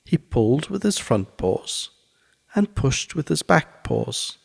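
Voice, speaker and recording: A man reads a bedtime story aloud, expressive and unhurried. His voice is gravelly, and his pitch rises and falls in lively swoops as he takes his time over every line.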